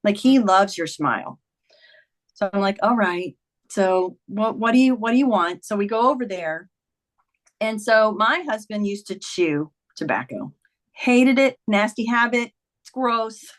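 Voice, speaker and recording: A woman's voice: mid-range voice, animated, unhurried. A middle-aged woman, a memoir author, earnestly recounting a personal story in conversation, acting out quoted dialogue.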